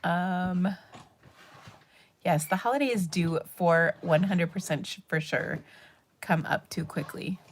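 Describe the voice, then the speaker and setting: A middle-aged woman from Minnesota hosts a papercraft livestream in a chatty, rambling way. Her Minnesotan accent and a slightly low voice carry an easy, talkative style, with fillers and laughs along the way. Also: slow, pauses often. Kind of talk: casual livestream chat.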